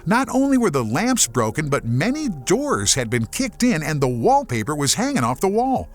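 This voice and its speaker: A man from Germany narrating a horror audiobook as a scripted, expressive storyteller. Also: on the high side, moderate pace, faint music behind.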